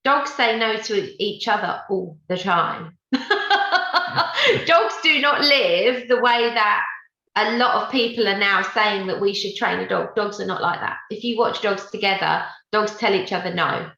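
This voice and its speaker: A woman dog trainer with a gravelly, bright and forceful voice, talking animatedly on a podcast and quoting her clients. Her audio is echoey and somewhat dull. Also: medium pitch, normal speed. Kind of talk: casual podcast chat.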